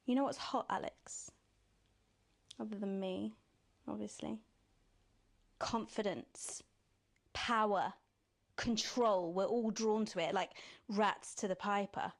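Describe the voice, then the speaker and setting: A woman's voice: steady tone, gravelly. An actress voicing a sly woman presenter who mockingly tempts the player toward being bad, in a video game. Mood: seductive. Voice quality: purring, mocking, drawn-out teasing delivery. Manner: sneering and condescending, mimics others in high silly voices. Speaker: news anchor.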